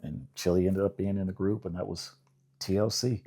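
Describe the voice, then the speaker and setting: Low-voiced older man telling stories. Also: steady tone, a little fast, warm tone, breathy edge. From Indianapolis, USA. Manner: laughing, acts out quoted voices. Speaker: songwriter guest. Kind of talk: relaxed storytelling interview.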